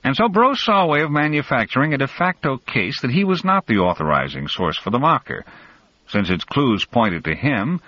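A man voicing a calm, cunning male schemer who explains things in a measured, sharp way, raised a little above his narrating voice. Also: mid-range voice, dry recording, voice pushed up. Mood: coolly explaining. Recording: dull lo-fi dry recording.

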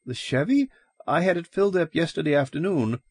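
A man's voice: on the high side, animated, a little fast, darkish tone, breathy edge, no room sound, clean studio sound, pitched above the performer's own voice. A man voicing a frightened, dazed middle-aged wife in an audiobook, speaking in a hesitant, wavering way. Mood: bewildered. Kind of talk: audiobook character voice.

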